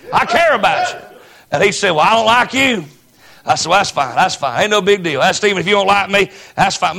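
Gravelly high-voiced preacher. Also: male voice. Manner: storytelling preacher, rising to shouts. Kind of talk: sermon.

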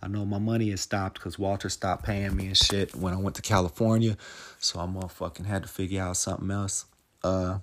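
A man's voice: low-pitched, little pitch movement, a little fast, fairly bright tone, slight background noise. Profane man telling a story casually. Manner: profane, loose and conversational, full of "man" and "you know"; reflective, drifting into life lessons. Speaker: podcast host.

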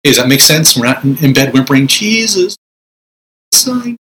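Man, middle-aged, Pentecostal minister, chatty sermon, forceful acted-out prayers, mid pitch, faint background noise. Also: steady tone, rapid-fire, low-quality recording. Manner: conversational preaching, acts out prayers with commanding force. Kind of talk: teaching on spiritual warfare.

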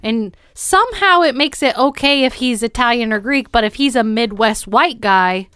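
Clear-voiced woman in her thirties telling animated stories. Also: fairly high pitch, normal speed, no echo, studio quality. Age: 30s. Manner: animated storyteller, acts out others' lines. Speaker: podcast host. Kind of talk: casual chat among friends.

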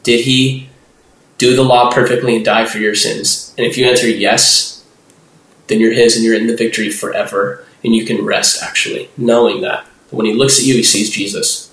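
A man's voice: on the low side, fairly even intonation, moderate pace, a bit bright. A young man chatting as a podcast guest, rambling with lots of "like" and restarts and acting out little voices. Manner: rambling, heavy use of "like" and restarts, acts out voices. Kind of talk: casual interview talk. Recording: roomy echo.

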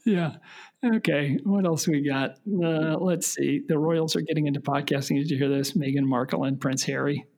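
A middle-aged man hosting a casual podcast, talking in halting, self-correcting, wry bursts. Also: fairly high pitch, fairly even intonation, vocal fry, darkish tone. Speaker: podcast host.

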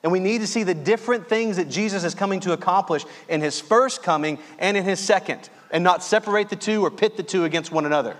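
A male pastor from Louisiana delivers an earnest sermon in a fairly high voice. He leans on key phrases, slowing down to stress them. His words ring out with a long reverb, as in a church hall. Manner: earnest, calls listeners "friends", slows on key phrases.

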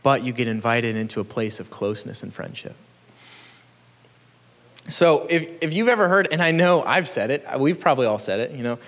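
A man's voice: medium pitch, lively intonation, moderate pace, a bit bright, long reverb tail. A man preaching a sermon in an earnest, conversational way, chuckling now and then between points. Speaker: pastor.

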